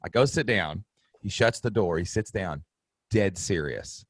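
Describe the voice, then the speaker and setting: A man's voice: sits low, expressive, measured pace, husky, no room sound, clean studio sound. A man hosting a podcast, telling a story in casual chat with many restarts and an easy, rambling manner. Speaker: podcast host.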